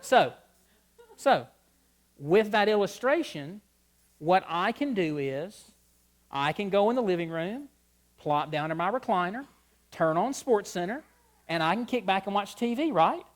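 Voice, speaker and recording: A man's voice: high-pitched, a little slow, pauses often. Storytelling man preaching on marriage. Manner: lively storyteller, acts out both sides of dialogues. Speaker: conference speaker on marriage. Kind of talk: humorous church conference talk. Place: church sanctuary before a live audience.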